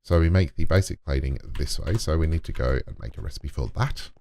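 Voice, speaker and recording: A man's voice: very deep voice, animated, fairly quick, vocal fry, darkish tone, slight background noise. A man giving casual gameplay commentary, muttering to himself and talking to in-game items as he builds. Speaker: let's play gamer.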